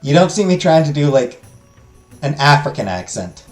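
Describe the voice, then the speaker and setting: A man's voice: fairly high pitch, very animated, moderate pace. A man, a let's play host, making sarcastic, joking asides in casual commentary. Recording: echoey room, faint music.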